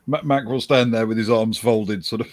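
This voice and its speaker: A man's voice: on the low side, steady tone, normal speed, dry recording. A man playing in a tabletop game, narrating his character's actions with jokes. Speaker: player. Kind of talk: tabletop role-play chat.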